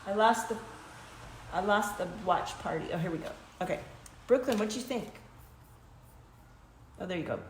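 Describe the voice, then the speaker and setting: A woman's voice: mid-range voice, normal speed, pauses often, a little hiss or hum. Chatty woman livestreaming from an echoey room. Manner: loose and chatty, breaks into light-language chanting and humming. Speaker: livestream host reading oracle cards. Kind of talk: casual spiritual livestream chat. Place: small home studio.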